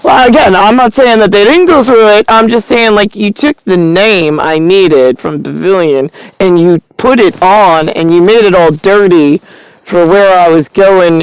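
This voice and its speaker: A woman's voice: medium pitch, vocal fry, clear, resonant tone, no echo, rough recording. A woman delivering a rambling, angry, profane monologue to the camera.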